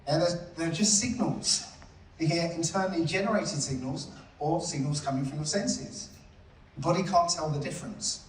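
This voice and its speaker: At a live conference talk, a male presenter speaks chattily, often checking in with the audience by asking "yeah?" and "right?". His voice is a little high and his pace normal. Recorded from a distance in an echoey conference hall, the clip has slight background noise.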